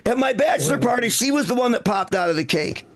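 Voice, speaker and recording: A man's voice: very high voice, expressive, fast, a loud crowd. A man in his sixties doing a live stand-up set as emcee at a comedy club, rambling and self-mocking with lots of restarts. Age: 60s.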